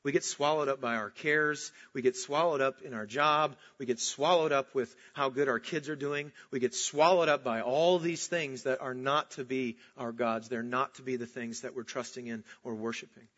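A man preaching a sermon, emphatic, swinging from loud outbursts to slow, hushed stresses. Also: mid-range voice, steady tone. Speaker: pastor. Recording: dull lo-fi recording.

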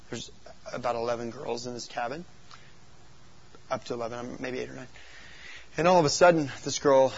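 A man's voice: mid-range voice, gravelly, muffled recording. A man who works as a youth pastor, speaking to other youth workers and telling stories animatedly. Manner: animated storytelling, acts out voices in quotes.

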